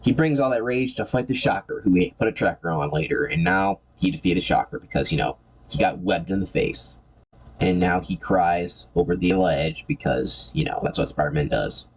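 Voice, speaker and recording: A man's voice: deep voice, expressive, moderate pace. A man giving casual, sarcastic commentary on a comic book series, often repeating words as he goes.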